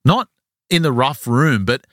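A man's voice: medium pitch, dry recording, clean studio sound. A man co-hosting a podcast, retelling a story in casual chat and acting out short quotes. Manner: animated retelling with quick acted quotes. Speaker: podcast co-host telling a story.

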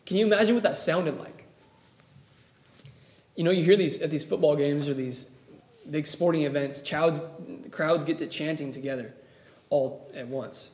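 Male preacher with a high voice, vivid storyteller, recorded in an echoey room. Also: normal speed. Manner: storytelling, acts out quoted lines. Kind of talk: sermon.

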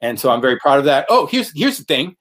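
A man's voice: mid-range voice, very animated, fast, a bit bright. A man who works as an actor, chatting casually in an interview, rambling with lots of fillers and restarts. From United States. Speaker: actor guest.

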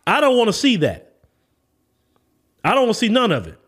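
Man, Southern US accent, high-pitched, preachy, emphatic, podcast commentary. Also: huge pitch swings, moderate pace, fairly bright tone, breathy edge. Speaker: podcast host.

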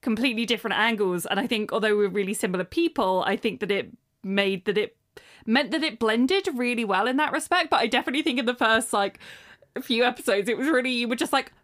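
A woman's voice: a little high, quick pace, fairly bright tone. A woman, co-hosting a podcast in a rambling, casual chat full of fillers. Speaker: podcast co-host.

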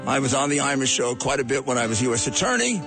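A man telling a warm anecdote in a recorded tribute, animated in his storytelling. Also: medium pitch, fast talker, music in the background. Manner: storytelling, lively. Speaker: guest recalling a friend.

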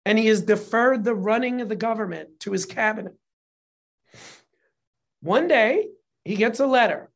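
A man, a film and TV producer, telling a long story in a casual interview, animated and swearing freely. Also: sits high, normal speed, long pauses.

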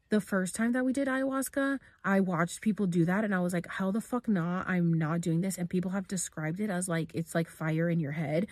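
A young woman casually telling a personal story on her podcast, full of "like" and animated bits where she acts out her own panicked reactions. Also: on the low side, no room sound. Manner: heavy use of "like", informal swearing. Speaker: podcast host.

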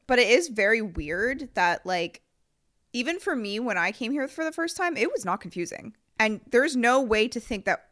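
A woman's voice: on the high side, very animated, a bit bright, dry recording, clean studio sound. Young woman podcast co-host, easy chat. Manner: supportive listener, quick laughs, reacts and comments. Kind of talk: casual chat.

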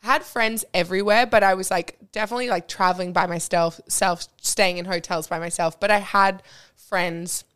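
A young woman in casual chat, gushing through her stories with giggles and plenty of "like." Her pitch sits right in the middle for a woman. She talks as a bubbly guest among friends. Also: steady tone, normal speed, fairly bright tone, clear, resonant tone. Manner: bubbly, giggly storytelling, full of "like". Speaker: podcast guest.

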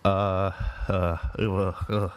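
A man's voice: deep voice, little pitch movement, drawn-out words, smooth. A man in his twenties hosting a podcast in a rambling, repetitive monologue, often swearing and restarting his sentences. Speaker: podcast host.

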